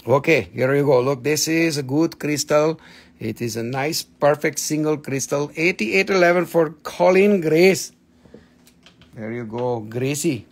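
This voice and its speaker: A man hosting a live crystal sale on his phone, excitable and chatty, swearing casually and laughing often. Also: a little high, unhurried. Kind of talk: live-stream sales chat.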